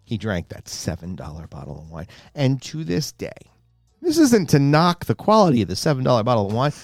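Animated man telling a story. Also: mid-range voice, brisk, no room sound, clean studio sound, soft background music. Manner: animated, exasperated storytelling with rising indignation. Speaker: guest storyteller. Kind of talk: casual chat.

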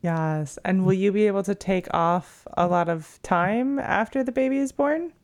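A woman's voice: mid-range voice, normal speed, darkish tone. A woman interviewing a guest, asking brief, supportive questions.

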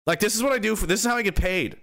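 A man's voice: high-pitched, racing, creaky. Profane ranting man. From Atlantic Canada. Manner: profane, ranting, swings from shouting to muttering. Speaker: livestream host reading chat. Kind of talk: angry ranting livestream talk.

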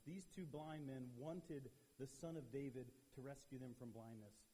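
A man preaching a youth sermon in an animated way, acting out the people he quotes, with a husky voice. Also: medium pitch, a little slow. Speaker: youth pastor. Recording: long hall reverb.

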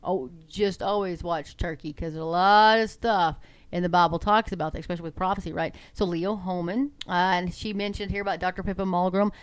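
Woman, from Texas, show host, casual rambling commentary, smooth clear voice, gets high and loud when emphatic. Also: fairly even intonation, a little fast. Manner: chatty and rambling, with many fillers and self-corrections. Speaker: host of an online ministry show.

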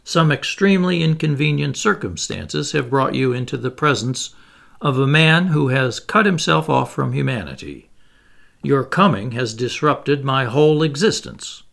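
A man reading the part of a calm, commanding ship's commander who speaks in a penetrating, precise way. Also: medium pitch, normal speed, gravelly.

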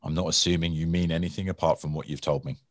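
Very deep-voiced man, dry sound. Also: fast talker, no room sound. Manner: animated storytelling, acts out angry people; repeats and restarts words. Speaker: guest, former hostage negotiator. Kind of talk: conversational interview.

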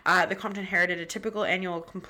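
A woman's voice: on the low side, fairly even intonation, quick pace, pushed and bright. A young woman co-hosting a podcast, chatting casually and telling stories with swearing and acted-out quotes. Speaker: podcast co-host. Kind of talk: casual chat.

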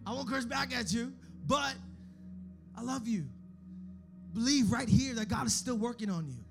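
A man with a very high voice delivers a fervent sermon in casual slang. He repeats his phrases and swings from a hushed plea to a shout. Music plays clearly beneath his words. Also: moderate pace. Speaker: youth pastor. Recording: music playing under the voice.

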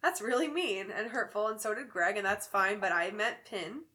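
A woman's voice: medium pitch, moderate pace, sharp tone. A woman co-hosting a podcast, chatting casually and joking as she walks through a spooky game step by step. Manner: chatty and joking, explains steps at length. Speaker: podcast co-host. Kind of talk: casual chat.

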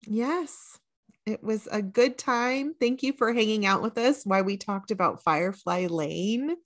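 A woman co-hosting a podcast in casual chat, animated and eager to cut in. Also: mid-range voice, measured pace. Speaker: podcast co-host.

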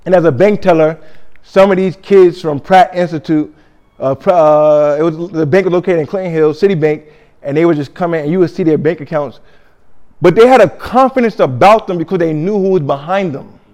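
A man's voice: fairly high pitch, a little fast, a little mellow. A man preaching a sermon with a conversational delivery. He often repeats himself and leads the congregation in call-and-response.

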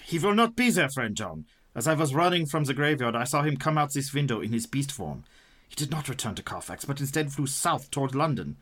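An actor playing a stern, wise professor who hunts vampires, formal and commanding, in radio drama style. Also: male voice, medium pitch, very animated, brisk, a bit bright.

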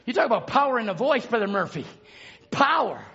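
A male preacher delivering a sermon, shouting in a repetitive, chanting cadence. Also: very high voice, very animated, a little fast, gravelly, lo-fi sound.

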